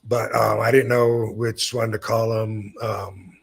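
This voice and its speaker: A man's voice: fairly low pitch, level tone, slow, vocal fry. A man in his fifties hosting a podcast, telling a rambling, profane, self-deprecating story in casual talk. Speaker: podcast host.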